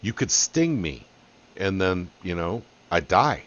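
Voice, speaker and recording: A man's voice: sits low, very animated, takes it slowly, fairly bright tone, full character voice. A man voicing a wary, doubtful male fox in a spoken fable. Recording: dull lo-fi audio.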